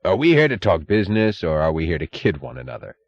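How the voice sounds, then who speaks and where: A man's voice: low voice, big pitch swings, fast, muffled recording. A man voicing a blunt, sardonic union boss. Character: tough sardonic male union boss, muscular.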